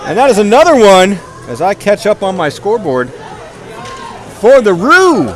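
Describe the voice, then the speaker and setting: A play-by-play commentator calls a ball hockey game in a high voice that jumps up and down. Worn out after hours of talking, he keeps joking at his own expense, and every goal pushes him into a louder, faster call. Some chatter can be heard behind him.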